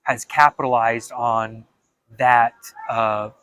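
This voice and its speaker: A young man talking in a casual vlog monologue, animated and dramatic, with frequent stammered restarts. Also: medium pitch, takes it slowly, clear, resonant tone, no echo. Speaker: vlogger.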